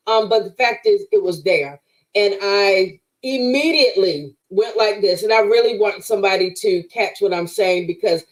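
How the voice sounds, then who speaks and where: An emphatic woman with a preacherly way of talking tells her faith testimony as a podcast guest. Her voice sits at an ordinary middle pitch, and she keeps addressing her listeners directly as she talks. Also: low-quality recording.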